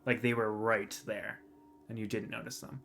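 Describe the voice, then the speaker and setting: A man running a tabletop fantasy game as dungeon master, describing scenes in a relaxed, descriptive way. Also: on the low side, moderate pace, creaky.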